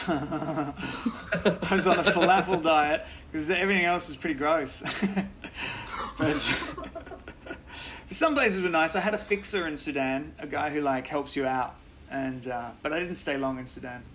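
An Australian man, a podcast guest, telling lively stories in casual chat, swearing freely and laughing often. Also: fairly high pitch, a little slow, pauses often, noisy background.

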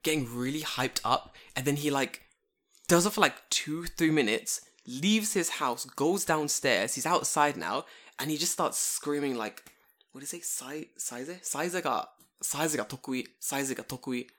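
Animated, bright-voiced young man telling stories. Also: fairly high pitch, unhurried. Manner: animated storytelling, heavy swearing. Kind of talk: casual chat.

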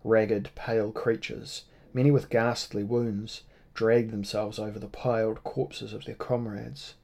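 A man narrating a novel in a measured, dramatic reading style. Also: on the low side, flat delivery, gravelly, darkish tone. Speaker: audiobook narrator. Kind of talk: scripted narration.

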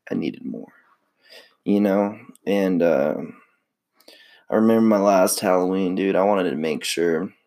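Gravelly low-voiced man, laid-back rambling. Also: a little mellow. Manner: rambling, laid-back, heavy on fillers and slang. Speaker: podcast host. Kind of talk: casual solo podcast chat.

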